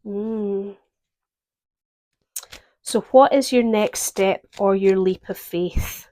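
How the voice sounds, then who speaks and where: A woman giving a gentle, reflective tarot reading, pausing often to think. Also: medium pitch. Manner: gentle, reflective, with pauses and fillers. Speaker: tarot reader.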